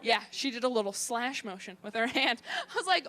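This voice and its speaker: A woman's voice: on the high side, lively intonation, fairly quick, pushed and bright. A female stand-up comedian with a sarcastic delivery, mocking customers by doing their voices. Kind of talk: stand-up set.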